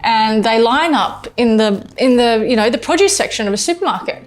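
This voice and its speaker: A woman's voice: a little high, lively intonation, a little fast. An Australian woman hosting a casual cooking demonstration in a home kitchen, chatty and enthusiastic, often exclaiming. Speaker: cooking show host. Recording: music playing underneath.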